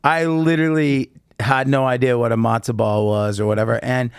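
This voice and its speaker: A man's voice: medium pitch, normal speed, clean tone, no echo. A man sits in as a podcast guest, spinning loose, rambling stories full of ums and restarts. His voice sits in an ordinary middle register and sounds close and dry, with no room around it. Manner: rambling, animated anecdotes with many fillers. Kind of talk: casual storytelling interview.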